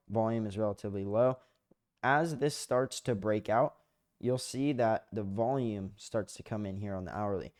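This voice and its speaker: A young man teaching trading setups while sharing his screen, his voice sitting a little low. He talks casually and rambles, swears freely and fills gaps with "like" and "um", speaking close to a desk microphone at home. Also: a little mellow. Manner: loose, profane and rambling, with fillers. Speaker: trading educator. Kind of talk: casual screen-share lesson.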